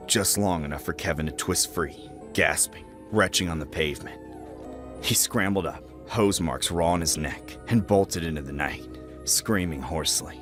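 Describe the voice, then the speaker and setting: A man narrating a scripted horror story with dramatic, expressive storytelling. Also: deep voice, moderate pace, soft background music.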